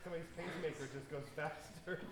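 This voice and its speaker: A man's voice: on the high side, fairly even intonation, fast, a bit bright. A man conducting an orchestra rehearsal, playfully joking with the players while he counts bars aloud and scat-sings the rhythms. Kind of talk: rehearsal instruction. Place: rehearsal hall. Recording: echoey hall with orchestra playing.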